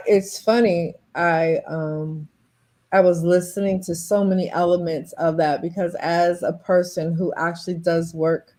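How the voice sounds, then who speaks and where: American woman, leadership trainer, mellow voice, emphatic, video call. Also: lowish voice. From United States. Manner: thoughtful, emphatic, repeats for stress. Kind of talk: casual online panel chat.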